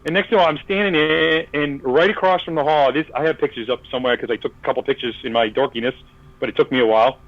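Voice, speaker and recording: A man's voice: medium pitch, fast talker, no room sound, muffled recording. A man telling a long story in casual podcast chat, acting out the voices of the people in it, with many fillers and restarts. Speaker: podcast guest.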